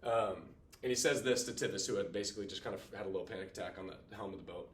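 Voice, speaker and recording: A man in his late twenties teaching a class in a casual, animated way, full of fillers. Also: on the low side, fast talker, few pauses. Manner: animated, chatty, heavy on filler "like". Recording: roomy classroom echo.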